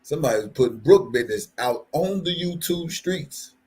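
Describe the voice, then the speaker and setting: A man's voice: fairly high pitch, animated, moderate pace, a little mellow. A man hosting a live stream, ranting casually in a profane, mocking way and laughing often. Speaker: livestream host. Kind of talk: casual livestream rant.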